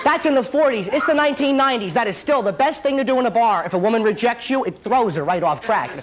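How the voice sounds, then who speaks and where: A young man in his twenties tears through a stand-up comedy set with a hyper, rapid-fire delivery. His voice sits unusually high for a man, and the jokes come bouncing out one after another. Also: lively intonation, slight background noise. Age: 20s.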